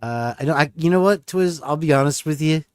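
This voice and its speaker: A man's voice: on the high side, brisk, smooth, dry recording, studio quality. A man hosting a livestream in casual chat, rambling and joking about himself. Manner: rambling, joking, self-deprecating. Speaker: stream host.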